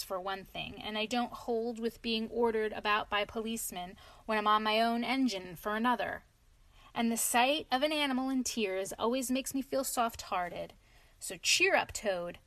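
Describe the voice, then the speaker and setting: A woman voicing a kindly, plain-spoken male engine driver with steady, homely speech in a storybook reading. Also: fairly high pitch, dry recording.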